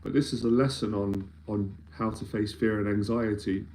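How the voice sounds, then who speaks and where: A man's voice: lowish voice, fairly even intonation, moderate pace, darkish tone, a little hiss or hum. A man, an anxiety mentor speaking earnestly and emphatically in a live-streamed talk, often repeating phrases as he builds a point. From London, England.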